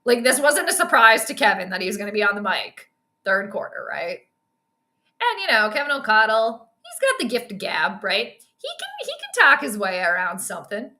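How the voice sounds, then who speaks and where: A woman with a bright, fairly high voice gives casual live watch-along commentary on a game. She chats and jokes in asides to a co-viewer. The sound is roomy and echoey. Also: huge pitch swings, moderate pace. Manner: chatty, joking asides to a co-viewer. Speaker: host of a sports live stream.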